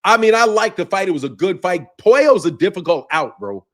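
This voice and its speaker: A man's voice: sits high, brisk. A man hosting a boxing live stream, reading chat aloud in a rambling, profane way and laughing often. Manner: animated and rambling, laughs often, swears freely.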